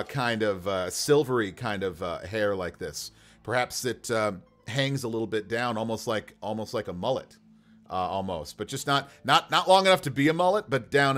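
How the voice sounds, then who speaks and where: A man live-streaming as game master, talking through character creation in a rambling, animated way with many fillers. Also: on the low side.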